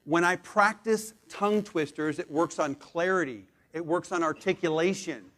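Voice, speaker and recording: A man in his forties teaches a live room how to present. His voice sits a bit high for a man, and he drives his points hard, racing ahead and then braking into slow, deliberate pauses. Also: a bit bright. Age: 40s. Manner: emphatic, swings between punchy speed and slow deliberate pauses. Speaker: presentation skills trainer. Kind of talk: live training talk to a room.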